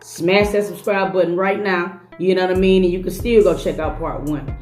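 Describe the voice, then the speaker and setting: A woman's voice: fairly low pitch, steady tone, normal speed, a little mellow. A young woman hosting a reaction video, talking in a slangy, emphatic, chatty way. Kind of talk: casual reaction commentary. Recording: echoey room with faint music.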